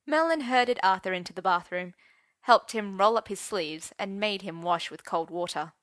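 A woman reading a romance story aloud, expressive and switching voices for each character. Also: medium pitch, normal speed, no echo, studio quality. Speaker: narrator. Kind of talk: audiobook narration of romance fiction.

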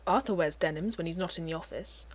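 A woman's voice: fairly low pitch, fast, slight background noise, lightly acted. A woman voicing a stuffy, uptight older upper-class man who speaks in clipped, disapproving replies. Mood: stiff.

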